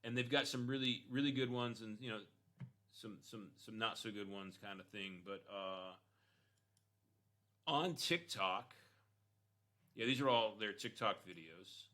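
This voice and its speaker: Energetic bright-voiced man reviewing a store. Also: lowish voice, normal speed. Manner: conversational, frequent "right?" and "you know"; energetic, punchy emphasis. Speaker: e-commerce store consultant. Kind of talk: casual screen-share store review.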